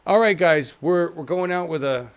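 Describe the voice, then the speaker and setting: A man's voice: fairly high pitch, normal speed, clean tone. A man hosting a casual livestream chat show, talking in a rambling, chuckling, self-deprecating way. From United States. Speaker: host.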